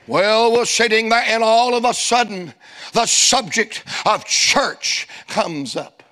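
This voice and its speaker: A male preacher with a strikingly high, bright voice, spinning a folksy, joking story for a church congregation. He builds to shouted exhortations between the laughs. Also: slow pace. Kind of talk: storytelling sermon. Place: church sanctuary before a congregation.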